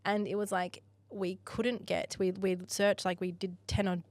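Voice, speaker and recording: An Australian woman, a podcast guest, telling a story in a chatty, animated way and acting out the dialogue. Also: mid-range voice, unhurried, no echo. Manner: chatty, animated, acts out dialogue, laughs often. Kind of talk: casual storytelling in a podcast interview.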